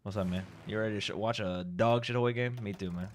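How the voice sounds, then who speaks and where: A man's voice: lowish voice, steady tone, quick pace. A man hosting a stream, chatting casually with friends over a strategy game and now and then breaking into playful sing-song nonsense. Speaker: streamer host. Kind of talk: casual gaming chat with friends.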